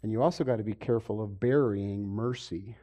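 A pastor giving a sermon, moving from quiet stretches to loud, emphatic preaching and asking his congregation questions. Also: fairly low pitch, brisk. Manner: asks the audience questions. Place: room with a congregation.

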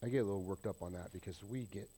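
A man preaching a sermon, swinging between loud, excited points and quiet, confiding asides, often asking the congregation questions. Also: low voice, rapid-fire, breathy edge. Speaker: pastor.

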